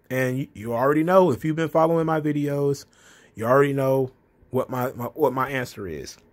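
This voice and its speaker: Blunt, excitable man recapping a show. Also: mid-range voice. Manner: blunt and excitable, swears, many fillers. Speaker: wrestling show reviewer. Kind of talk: casual recap commentary.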